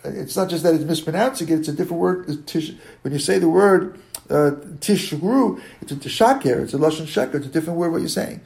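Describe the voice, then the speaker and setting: A man leading a daily Talmud class in a high voice with a gravelly edge. He speaks haltingly and keeps circling back to rephrase. He slows right down to sound out words one by one. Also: a little mellow. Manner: slowly sounds out words to show their pronunciation. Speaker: Talmud teacher.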